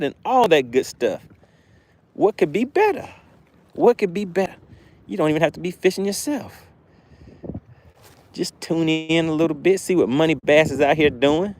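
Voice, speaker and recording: A man's voice: on the high side, a little mellow. A man with a Southern accent hosting a fishing livestream, chatting upbeat with viewers and reading out their comments. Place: outdoors fishing.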